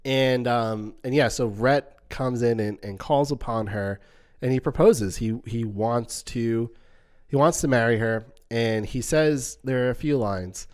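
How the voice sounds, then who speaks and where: A man's voice: mid-range voice, a little slow, clean tone. A young adult man, a podcast co-host, retelling a film's scenes in casual chat and acting out characters' lines as he goes. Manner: retells scenes at length with quoted lines, many restarts. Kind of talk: casual film discussion.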